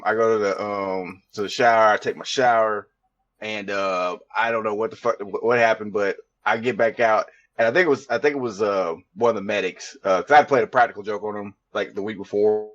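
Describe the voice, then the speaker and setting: A man's voice: fairly low pitch, dry recording, highs cut off. A man guesting on a podcast, telling a barracks story in a laid-back, profane, drawling way. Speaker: podcast guest, army veteran. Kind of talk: casual storytelling chat.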